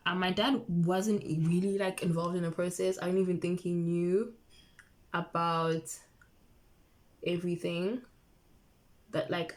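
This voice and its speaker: A woman in her early twenties telling a personal story in a casual vlog, chatty and excitable, full of fillers and quoted dialogue. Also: lowish voice. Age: early 20s. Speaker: vlogger.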